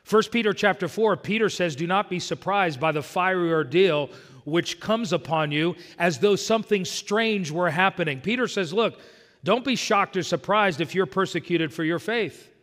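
A man with a fairly high voice delivers an earnest sermon, leaning hard on the scripture he quotes. He is heard in a church sanctuary, and the room leaves a long reverb trailing after his words. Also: normal speed, fairly bright tone. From United States. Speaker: pastor.

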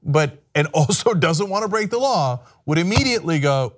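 Brief: a sarcastic male commentator, animated and mocking, pitched a bit high. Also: normal speed, few pauses. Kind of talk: political commentary.

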